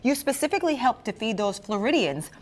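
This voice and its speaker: A woman's voice: on the high side, sing-song, brisk. A woman hosting a cooking show, tasting the food and reacting with gushing exclamations as she chats with a chef. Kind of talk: enthusiastic cooking show chat.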